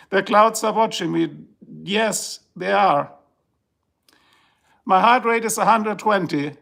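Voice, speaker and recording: A man's voice: high voice, takes it slowly, creaky, long pauses, a bit bright. A man from Germany ranting on a live stream, swearing and complaining in an exaggerated way. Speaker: livestreamer. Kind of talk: casual live stream rant. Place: at home by his garage.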